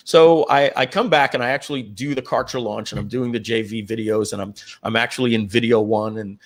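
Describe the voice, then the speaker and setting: A middle-aged man, a guest in an interview, telling his story casually, often restarting his sentences and clearing his throat, and jumping up in pitch when he acts out what others said. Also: fairly quick. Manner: acts out quoted voices with jumps in pitch. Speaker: interview guest, online marketer.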